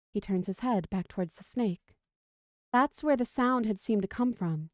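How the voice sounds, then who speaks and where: A woman reading a long story aloud on a livestream in a steady, even narrating voice, close to the mic. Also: mid-range voice, normal speed, dry recording.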